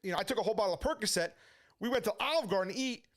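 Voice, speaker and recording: A man's voice: sits high, lively intonation, very fast. A middle-aged man telling his personal testimony as a story, acting out the voices of the people he quotes. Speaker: testimony speaker.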